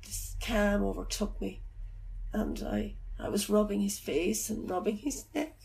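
Middle-aged mum in an interview, gravelly and halting, soft reflective voice. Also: female voice, mid-range voice. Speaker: bereaved mother telling her story. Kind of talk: personal account in an interview.

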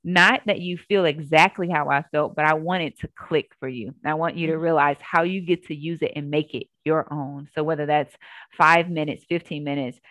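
A woman yoga instructor telling her story in a casual interview, earnest and animated, acting out what people said. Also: low-pitched, no room sound.

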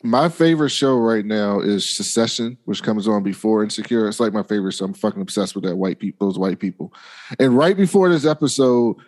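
A man's voice: fairly low pitch, fairly quick, a little mellow. A man hosting a casual chat over a video call, laid-back and profane, laughing often as he recaps a TV episode.

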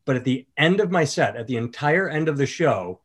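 A man's voice: mid-range voice, fairly quick, husky. Male comedian-host, casual podcast chat, storyteller who acts out the people he quotes. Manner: storytelling, animated when quoting others.

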